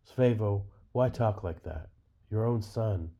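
A man reading the lines of a quiet, patient wife and mother in a novel. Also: lowish voice, slow, gravelly, full character voice. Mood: reproachful. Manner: quiet, calm, gently reproachful. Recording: dull lo-fi recording.

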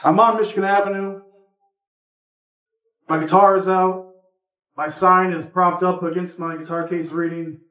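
A man with a slightly high voice reads a personal story aloud at a live event, relaxed and conversational. He sounds muffled and far from the mic, in a roomy, echoing space. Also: unhurried, pauses often. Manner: relaxed, conversational, a few fillers between parts. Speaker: reader at a live reading. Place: indoor reading event. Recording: echoey room, from far off, muffled.

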